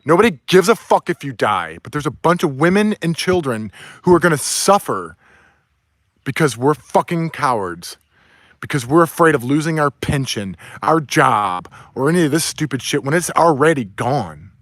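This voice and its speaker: A man's voice: fairly high pitch, sing-song, normal speed, a bit bright, dry recording, studio quality. Angry, profane man ranting. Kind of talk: ranting monologue. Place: outdoors near woods, with dog.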